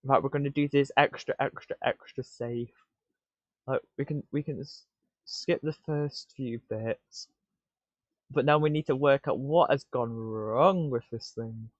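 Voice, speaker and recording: A man streaming live, muttering to himself in excitable bursts with stammered restarts, on dull lo-fi stream audio. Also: mid-range voice, a little slow, no room sound. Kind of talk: casual live-stream self-talk.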